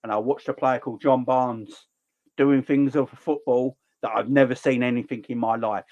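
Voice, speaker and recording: A man in his forties with a South East London accent, hosting a football livestream and ranting passionately between relaxed chat with viewers. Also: mid-range voice, moderate pace, lo-fi sound. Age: 40s. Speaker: football channel livestream host.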